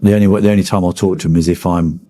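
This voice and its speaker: Former miner, 50s, blunt storyteller, low husky voice. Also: male voice, steady tone, rapid-fire, mellow. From Kent, England. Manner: blunt storytelling, swears freely. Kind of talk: oral history interview.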